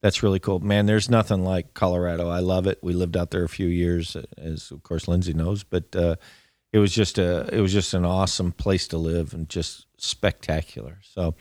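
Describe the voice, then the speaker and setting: A man's voice: low voice, steady tone, normal speed, a little mellow, no room sound, clean studio sound. A middle-aged man hosting a casual chat in an easygoing, folksy way. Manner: easygoing and folksy, with a laid-back drawl. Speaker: host.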